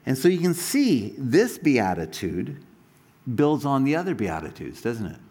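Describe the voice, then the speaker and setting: Male pastor, mid-pitched, very expressive delivery, storytelling sermon with restarts. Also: measured pace, slightly rough. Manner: animated storytelling, frequent restarts and asides.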